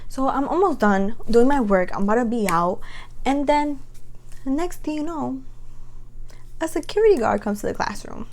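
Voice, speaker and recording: A woman in her twenties telling a dramatic storytime to the camera, exasperated and animated as she recounts what happened. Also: sits high, normal speed, pauses often. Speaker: vlogger. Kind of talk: storytime vlog.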